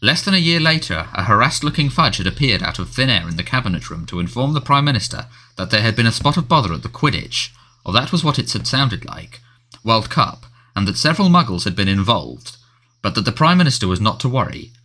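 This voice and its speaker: A man's voice: medium pitch, sing-song, fast talker, pushed and bright. A man narrating a novel as an audiobook, telling the story expressively. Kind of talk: scripted narration.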